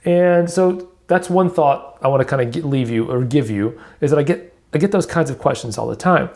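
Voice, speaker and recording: A man's voice: mid-range voice, moderate pace, a little mellow. Candid man hosting a solo podcast. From Alabama, US. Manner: candid, rambling, many restarts and fillers. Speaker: podcast host. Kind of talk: casual solo podcast talk.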